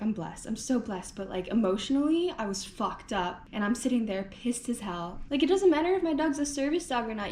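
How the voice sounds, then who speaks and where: A woman's voice: mid-range voice, a little mellow, a little hiss or hum. Blunt, swearing young woman vlogger. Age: 20s. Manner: blunt, swears freely, lots of "like". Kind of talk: candid confessional storytelling. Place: hotel room.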